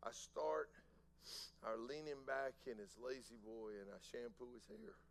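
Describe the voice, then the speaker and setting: A middle-aged man preaching a sermon, telling a personal story softly and then building to loud, slow emphatic preaching. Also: mid-range voice, gravelly, rough recording. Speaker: pastor.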